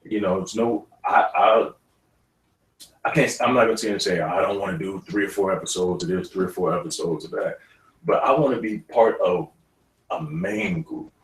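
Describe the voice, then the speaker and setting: A man, an actor guest in an interview, telling stories in a lively way and laughing often. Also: low voice, moderate pace. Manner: animated storyteller, laughs often. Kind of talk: casual interview talk. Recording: roomy studio, mic at a distance.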